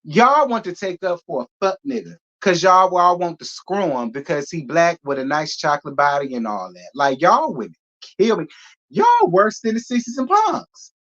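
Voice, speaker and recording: A man with a fairly high voice hosts a casual reaction commentary. He talks bluntly, rambles and swears freely. The audio is dull and lo-fi. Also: lively intonation, moderate pace, fairly bright tone. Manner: blunt, rambling, profane, with slang. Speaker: commentary host.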